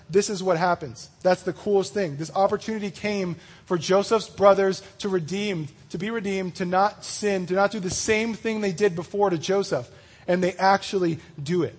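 A man giving a casual youth sermon, chatty and full of "like" and "you know", acting out the story's speakers in quick asides. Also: sits high, breathy edge. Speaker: youth pastor.

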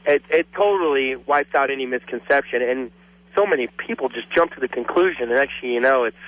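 A man's voice: mid-range voice, brisk, dry recording, phone-quality sound. Rambling male radio caller, dry sound. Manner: casual, rambling, many fillers. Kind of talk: call-in radio chat.

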